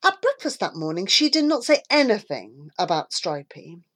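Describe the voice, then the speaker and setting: A woman reading a children's story aloud, with a lively, expressive delivery. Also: medium pitch, normal speed.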